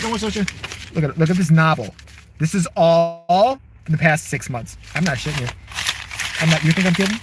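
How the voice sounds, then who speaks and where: A man ranting to the camera from his car, exasperated and sarcastic, swearing freely as he complains. His voice sits a little high for a man. A faint hiss of noise runs under the recording. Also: expressive, fairly quick. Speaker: vlogger. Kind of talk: casual profane rant to camera.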